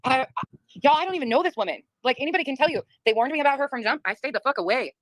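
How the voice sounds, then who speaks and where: A woman's voice: high-pitched, lively intonation, very fast, no echo, clean studio sound. A woman hosting a livestream, ranting in a blunt, profane, laughing way while reading chat. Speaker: livestream host. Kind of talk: casual livestream rant.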